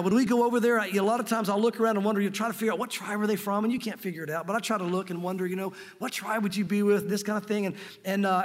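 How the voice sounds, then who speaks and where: A man teaches from the Bible in an earnest, emphatic sermon, often restarting his phrases in his enthusiasm. His voice sits high for a man. A long reverb trails behind each phrase. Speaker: pastor.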